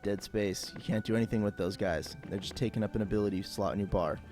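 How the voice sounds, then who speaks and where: A man with a lowish voice walks through a video game tutorial in an easygoing, off-the-cuff voice-over. He rambles a bit and leans on fillers. Soft music plays faintly underneath. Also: steady tone, fast talker. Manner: casual and rambling, with many fillers. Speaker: gameplay tutorial host.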